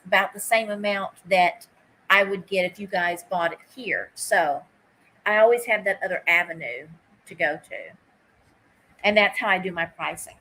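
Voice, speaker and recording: In a rough recording, a woman with a mid-range, fairly bright voice hosts a live online vintage sale. Her auction chat is casual: she calls out viewers by name while collecting bids and adds easygoing asides.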